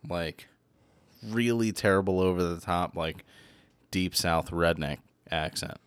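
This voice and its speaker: A man's voice: deep voice, unhurried, clear, resonant tone, no room sound. A man co-hosting a podcast, chatting casually and crudely, joking and laughing often. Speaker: podcast co-host.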